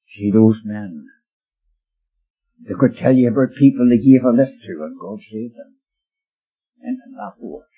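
A man's voice: medium pitch, breathy edge. An older man preaching a sermon, earnest and exhorting, telling homely stories to press his point. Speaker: lay preacher. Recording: dull lo-fi old tape recording.

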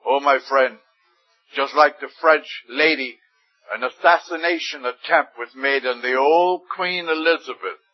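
A man's voice: a little high, unhurried. A man preaching a sermon with fervent emphasis, his voice rising suddenly on key words. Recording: dull lo-fi recording.

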